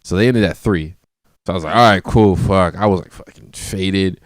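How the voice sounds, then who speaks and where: A man's voice: sits low, normal speed, no echo, clean studio sound. A man telling a party story in casual chat, acting out quotes and laughing often. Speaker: guest.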